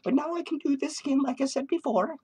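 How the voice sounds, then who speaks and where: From a home studio, a tipsy, hyper clown fires off manic, crude rants full of swearing, hopping from one thought to the next in this comedic character vlog. The man's voice is high and shrill, well above ordinary pitch, fast, and darkish in tone, punctuated by cackling laughs.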